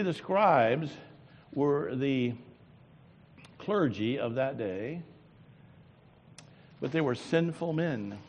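A man preaching a sermon, swinging from loud exclamations to low murmurs and asking the congregation rhetorical questions. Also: lo-fi sound. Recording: long hall reverb.

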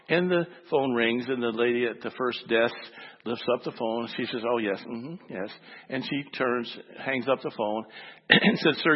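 A man's voice: medium pitch, breathy edge, big-room sound, highs cut off. A man preaching a sermon, telling a story and acting out its voices before making his point. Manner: storytelling, acts out voices in the anecdote. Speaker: pastor.

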